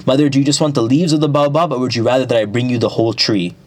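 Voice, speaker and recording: A man voicing a young crippled prince, calm and determined, in a spoken folk tale. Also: mid-range voice, racing, voice pushed up, close to an everyday voice. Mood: defiant.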